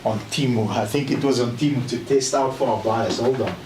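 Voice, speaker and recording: A South African car sales trainer gives a casual training talk, telling a story animatedly and playing both sides of a conversation. He speaks at a medium pitch, a little fast, with background noise audible.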